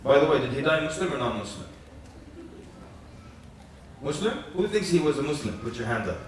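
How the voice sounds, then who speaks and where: A man preaching at a youth conference, telling lively stories with jokes and acting out quotes. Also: a little high, a little fast, a little hiss or hum. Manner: animated storytelling with jokes and acted quotes. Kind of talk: conference lecture. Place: large conference hall. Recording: echoey hall from far off.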